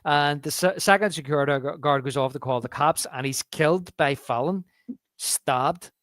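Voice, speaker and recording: A slightly high, somewhat bright male voice, recorded at studio quality with no room sound, belongs to a movie podcast co-host. He talks casually about films, restarting often as he retells scenes and acts out quotes.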